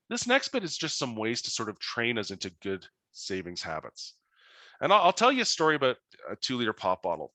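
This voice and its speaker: A man's voice: on the high side, no room sound. A man, a financial educator telling anecdotes in an online webinar presentation. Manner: animated anecdotal storytelling.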